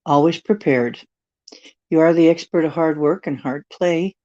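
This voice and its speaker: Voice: mid-range voice, normal speed, a little mellow. An older tarot reader on a livestream, reading card texts with rambling, joking asides. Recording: dry, dull lo-fi stream audio.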